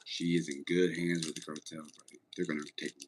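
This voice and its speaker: A man with a very deep voice and little pitch movement streams casually, chatting with viewers and reading chat aloud at a brisk pace. He's laid-back and joking, with slight background noise.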